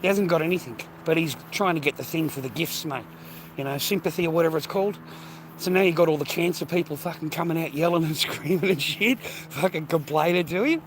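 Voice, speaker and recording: Profane Australian bloke ranting on a walk. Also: male voice, fairly high pitch, fairly quick, slight background noise. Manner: profane, rambling, blokey slang. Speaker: vlogger. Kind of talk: casual walking vlog rant. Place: outdoors on foot.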